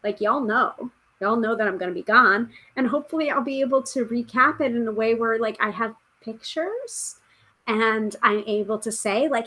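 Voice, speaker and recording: A woman's voice: a little high, normal speed, pushed and bright. A woman hosting a tarot podcast live stream, chatting casually and reading out viewer comments. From United States. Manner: chatty, reads out viewer comments, frequent fillers.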